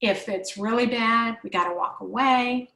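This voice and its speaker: Bright chatty woman in an echoey room. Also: on the high side, normal speed. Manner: chatty, reassuring, answers viewer questions, frequent fillers. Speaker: parenting workshop host. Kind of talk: live online workshop Q&A.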